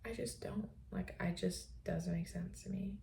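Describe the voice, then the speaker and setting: Slow, gravelly, soft-spoken woman. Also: mid-range voice, fairly even intonation, background noise. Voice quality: soft, often drifting into a breathy whisper. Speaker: podcast host. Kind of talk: reflective personal monologue.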